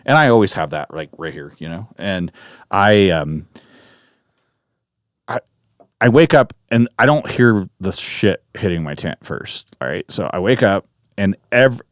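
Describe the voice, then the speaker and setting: A man's voice: low-pitched, measured pace, no room sound, clean studio sound. A man from Northern California, a podcast guest, telling a story in casual conversation with lots of swearing and restarts. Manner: animated, profane, full of restarts.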